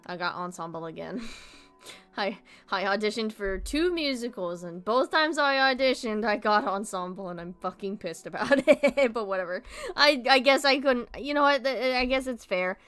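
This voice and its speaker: Bright-voiced young woman streamer, animated. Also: fairly high pitch, moderate pace, clean tone, soft background music. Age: young adult. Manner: animated, heavy swearing, frequent laughter. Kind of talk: casual chat stream.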